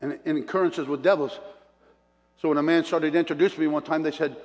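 This preacher has a fairly high, darkish voice with a steady tone, speaking fairly quickly. His sermon is built on personal anecdotes, with chuckles between points and quotes acted out, all carried by long hall reverb.

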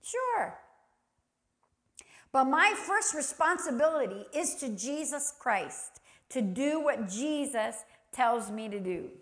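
A woman's voice: high voice, sing-song, takes it slowly, fairly bright tone. A woman preaching a sermon who acts out little quoted voices and laughs easily.

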